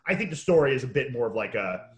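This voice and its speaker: Casting: quick, rambling male podcast host, roomy echo, acts out quotes. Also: medium pitch, expressive. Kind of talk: casual chat.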